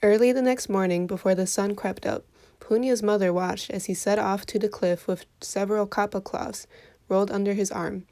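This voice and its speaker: A woman reading a folktale aloud for children in an expressive storytelling voice. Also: mid-range voice, moderate pace.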